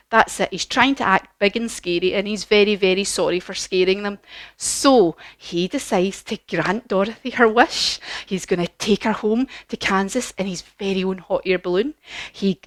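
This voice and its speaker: A woman teaching a children's yoga class, telling a story in an animated, encouraging, sing-song manner. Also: medium pitch, no echo.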